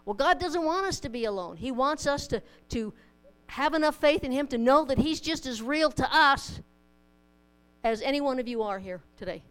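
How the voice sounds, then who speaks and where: A woman's voice: sits high, lively intonation, moderate pace, clean tone, low-quality recording. A woman preaching a sermon to a congregation, conversational and plainspoken, mixing scripture with homely stories and light humor. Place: church in front of a congregation.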